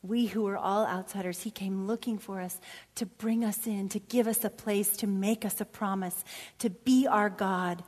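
A woman preacher delivering a sermon and closing prayer, dropping to hushed whispers and rising to loud, emphatic passages. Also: mid-range voice, fairly even intonation, normal speed, husky. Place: church sanctuary. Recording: long hall reverb.

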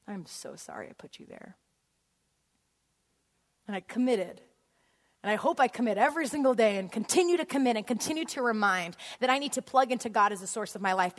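A woman with a fairly high voice preaches to a congregation with animated, storytelling energy and frequent laughter. Her voice rings out in a large church hall with a long reverb tail. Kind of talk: sermon.

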